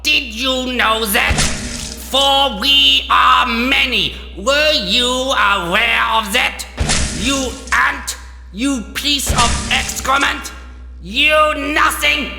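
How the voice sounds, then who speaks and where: An actor playing a malevolent demonic overlord in a video game, gravelly, theatrical and mocking. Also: male voice, very high voice, very slow, over music, full character voice. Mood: menacing. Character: malevolent demonic entity, sneering male overlord.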